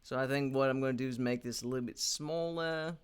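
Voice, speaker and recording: Fairly quick and clean-toned, a medium-pitched man narrates a casual work vlog as an independent animation creator. He thinks aloud while animating, his talk rambling and full of fillers and fresh starts.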